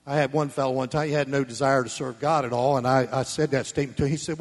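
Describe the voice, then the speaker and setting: A man's voice: mid-range voice, steady tone, fast, hardly any pauses. Folksy preacher man in a reverberant hall. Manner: folksy, blunt, swings between loud emphasis and soft asides. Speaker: pastor. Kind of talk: sermon. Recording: long reverb of a church hall.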